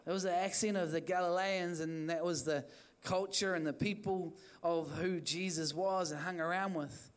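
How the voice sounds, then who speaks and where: With a high, clear, resonant voice, a pastor preaches at normal speed with few pauses and fairly even intonation. It's an evening sermon, and he spurs listeners on through fervent repetition and restarts.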